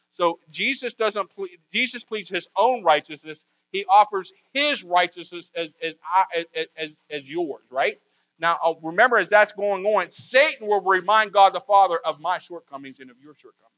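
A man's voice: sits high, bright, forceful tone. A male pastor preaching a conversational sermon, full of rhetorical questions and repetition. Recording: dull lo-fi recording.

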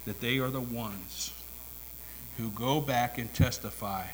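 A man preaching a sermon in a church, swinging between hushed whispers and loud, climactic calls. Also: mid-range voice, slow pace, slight background noise, poor audio. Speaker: pastor. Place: church sanctuary.

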